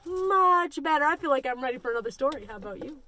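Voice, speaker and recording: A woman children's librarian leading a story time, talking in an animated, sing-song way and coaxing the children to join in. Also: sits high, fast talker.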